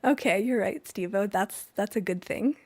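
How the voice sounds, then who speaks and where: A woman's voice: medium pitch, moderate pace, a little mellow, no room sound. A woman hosting a live music stream, chatting in a rambling way between songs and laughing often. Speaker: livestream singer and host. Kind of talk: casual chat with chat viewers between songs. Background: music playing.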